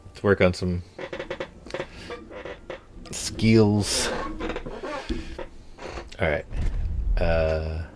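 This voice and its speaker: A man's voice: deep voice, extremely slow, pauses often, background noise. A young man from Canada giving casual let's-play commentary, thinking aloud and muttering half to himself as he plays. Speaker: gameplay streamer.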